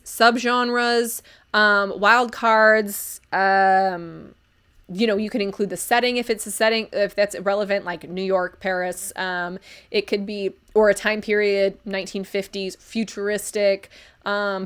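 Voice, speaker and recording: A woman's voice: mid-range voice, fairly bright tone. An American woman in her thirties, chatting casually on a live stream as she reviews stories and answers chat, with lots of ums. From United States.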